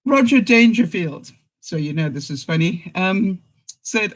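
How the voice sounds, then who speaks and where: A woman's voice: mid-range voice, animated, normal speed, low-quality recording. An older woman hosting a casual live-stream chat, talking straight to her viewers and laughing often. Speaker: vlogger host.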